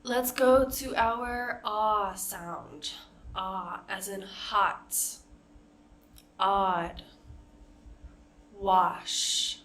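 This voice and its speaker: A woman gives a pronunciation lesson at a very slow, deliberate pace. She models each vowel sound and its example words with patient care. Her pitch sits in the middle. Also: fairly bright tone. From United States. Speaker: accent coach.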